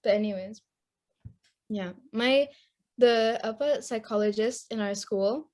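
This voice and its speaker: A teenage girl from Indonesia co-hosts a casual podcast chat, rambling and laughing often. Her voice is on the high side, a little mellow, and unhurried.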